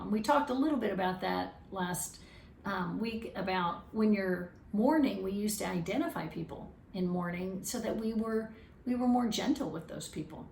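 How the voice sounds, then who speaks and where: A woman's voice: mid-range voice, normal speed, creaky, a little mellow, slight background noise. A woman giving an earnest, reflective talk on feelings, sometimes restarting her phrases. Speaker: speaker on emotional wellbeing. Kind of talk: casual teaching talk. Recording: roomy, distant mic with faint ambience.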